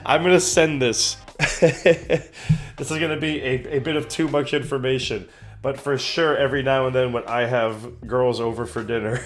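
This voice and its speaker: Excitable man gushing in a reaction video. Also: medium pitch, moderate pace, soft background music. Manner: excitable, gushing, swears a lot. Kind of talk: casual reaction commentary.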